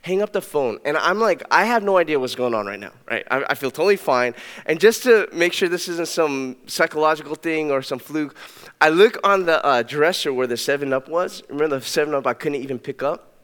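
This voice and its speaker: A young adult male pastor telling a personal story in a sermon, animated and conversational, with many restarts. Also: fairly high pitch, fairly quick, clean tone. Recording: long hall reverb.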